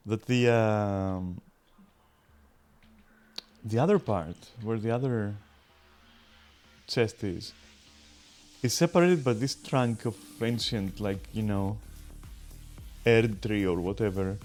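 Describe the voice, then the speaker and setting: A man's voice: on the low side, slow, long pauses, darkish tone. Swearing joking man narrating his game. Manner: crude, joking, swears a lot, talks to viewers. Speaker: streamer. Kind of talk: casual gaming commentary. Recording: faint game music behind. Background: game music.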